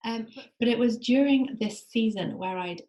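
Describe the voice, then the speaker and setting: A woman's voice: a little high, moderate pace, warm tone, roomy sound, low-quality recording. A woman from England hosting a faith podcast, talking in a chatty, enthusiastic and reflective way. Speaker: podcast host. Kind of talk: personal faith podcast monologue. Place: at home in Israel.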